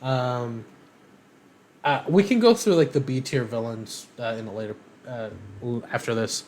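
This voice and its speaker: A man's voice: medium pitch, unhurried, a little mellow, a little hiss or hum. A man co-hosting a podcast, chatting casually and rambling with lots of ums and uhs. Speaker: podcast co-host. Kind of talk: casual chat.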